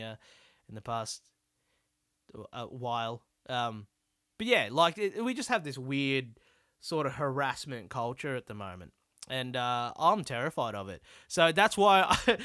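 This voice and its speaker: A man's voice: medium pitch, pushed and bright, no room sound, clean studio sound. A young Australian man hosting a solo comedy podcast, rambling and swearing as he mocks himself. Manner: rambling, sweary and self-deprecating. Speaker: podcast host.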